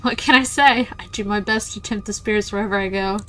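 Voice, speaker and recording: A woman's voice: medium pitch, fast talker, a bit bright, slight background noise, lightly acted, rough recording. A woman voicing a cheerful young ghost hunter with a teasing, morbid humor, reading lines from a game. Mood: breezy. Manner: breezy, teasing.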